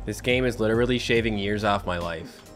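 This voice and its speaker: A man's voice: fairly low pitch, a little fast, music in the background. A man giving gameplay commentary, self-mocking and chatty, talking to himself and his viewers. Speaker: gaming YouTuber.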